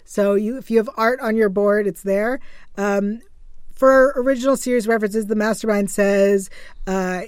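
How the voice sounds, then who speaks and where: A woman's voice: medium pitch, moderate pace, a little mellow, smooth, no echo, studio quality. A woman co-hosting an after-show podcast, recapping an episode in a casual, chatty way with frequent fillers and small laughs. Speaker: podcast co-host.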